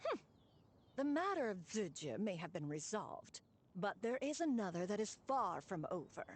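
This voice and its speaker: A woman's voice: medium pitch, very animated, normal speed, slight background noise, lightly acted. A woman voicing a haughty female immortal spirit for a game, stately and dry in manner. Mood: stern.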